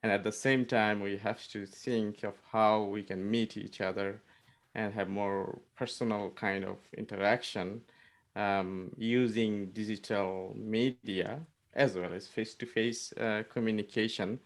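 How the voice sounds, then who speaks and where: A man's voice: fairly low pitch, steady tone, a little slow. A man moderating a webinar over a video call, speaking in a friendly, hesitant way with frequent fillers. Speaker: webinar moderator and faculty member. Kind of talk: casual webinar talk.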